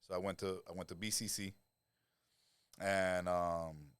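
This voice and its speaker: Man, deep low voice, forties, profane street storyteller, podcast guest, dry close sound. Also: little pitch movement, measured pace, fairly bright tone, clean tone, no room sound. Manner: blunt, profane street talk. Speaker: interview guest. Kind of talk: storytelling interview. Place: podcast studio.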